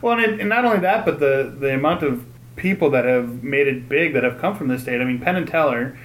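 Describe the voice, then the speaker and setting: A man's voice: mid-range voice, lively intonation, a little fast, fairly bright tone, rough recording. Rambling man in casual chat. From Cincinnati. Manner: rambling, laughs often.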